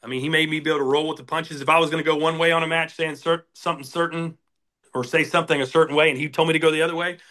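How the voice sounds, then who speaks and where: A man's voice: a little high, rapid-fire. A middle-aged man, a sports announcer, telling stories in a casual interview and acting out quoted bosses. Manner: animated, acts out quoted bosses in raised voices.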